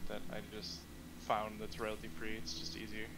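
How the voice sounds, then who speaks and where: A man's voice: on the low side, monotone, normal speed, heavy background noise. A man playing in a tabletop game, chatting casually out of character and thinking aloud while he searches.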